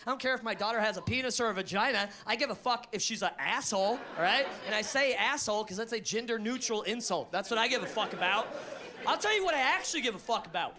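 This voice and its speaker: A young adult man doing a live stand-up routine on a comedy stage, animated and profane, bursting into shouted punchlines. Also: extremely high pitch.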